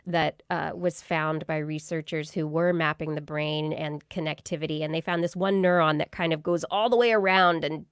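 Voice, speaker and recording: A woman's voice: low voice, fairly even intonation, moderate pace, hardly any pauses, clean tone, no echo, clean studio sound. A woman hosting a science podcast, walking through research stories in a loose, chatty way. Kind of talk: casual science chat.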